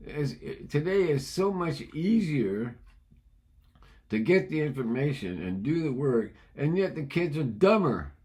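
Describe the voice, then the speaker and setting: A man's voice: a little high, sing-song, a little slow, darkish tone. Ranting older man. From United States. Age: 70s. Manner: indignant, ranting, repeats himself. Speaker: vlogger. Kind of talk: opinionated monologue.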